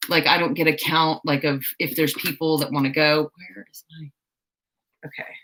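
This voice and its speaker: A woman's voice: low-pitched, steady tone, moderate pace, sharp tone, a little hiss or hum. A young woman chatting casually through a live craft stream, scatterbrained and self-deprecating, laughing often at herself. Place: home craft room.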